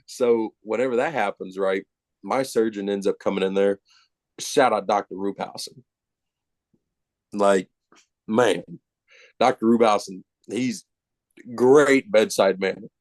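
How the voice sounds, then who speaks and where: Swearing, animated male storyteller, dry sound. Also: on the low side, a little slow, pauses often, no echo. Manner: profane, animated, self-mocking. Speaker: podcast guest. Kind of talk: casual storytelling.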